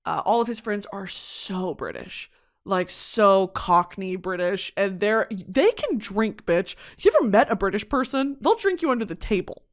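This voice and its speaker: Animated Texan woman telling a story. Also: medium pitch. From Texas. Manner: animated, profane, laughs often. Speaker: podcast host. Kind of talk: comedic storytelling.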